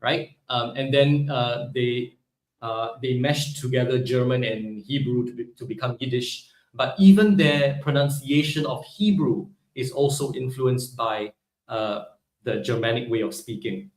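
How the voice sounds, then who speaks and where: A man's voice: mid-range voice, a little slow, echoey room, poor audio. A man teaching a live online language class, explaining step by step and often checking in with "right?". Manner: explanatory, peppers speech with "right?". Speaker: Hebrew teacher.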